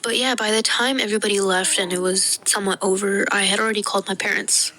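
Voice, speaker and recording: A woman from the United States narrating a storytime video in a lively, jokey way, acting out the people she quotes and dropping into whispered asides. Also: mid-range voice, fast, rough recording. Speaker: storytime animator. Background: background music.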